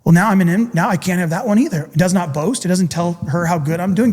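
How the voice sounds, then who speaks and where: Earnest middle-aged man, high-pitched, in a reverberant room. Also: fast, a little mellow. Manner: intense, earnest storytelling with quoted asides. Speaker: podcast guest, coach. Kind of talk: candid interview talk.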